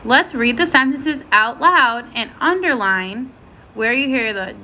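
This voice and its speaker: A woman teaching a first-grade phonics lesson, sounding out letters and words slowly and clearly. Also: fairly high pitch, sharp tone, a little hiss or hum, poor audio.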